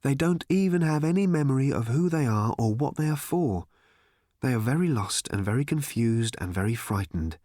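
A man voicing a composed woman journalist who speaks quietly and steadily. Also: medium pitch, animated, moderate pace, no echo, studio quality, natural voice. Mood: calm, urgent.

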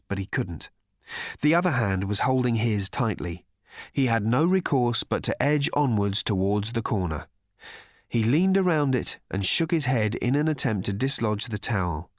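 A man narrating an audiobook with expressive comic timing. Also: medium pitch, dry recording, studio quality. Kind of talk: scripted narration.

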